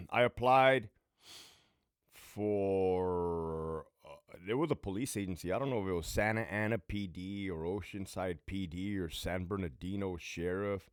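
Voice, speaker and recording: A man's voice: sits low, unhurried, clean tone, no echo, studio quality. A man in his late thirties from Southern California, telling rambling, profane stories from his own life in a casual way. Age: late 30s. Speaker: channel host and ex-prison guard.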